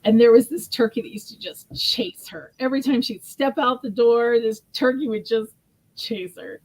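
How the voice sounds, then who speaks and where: Brief: high-voiced American woman, ranch show host, animated storyteller. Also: normal speed, rough recording. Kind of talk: casual chat.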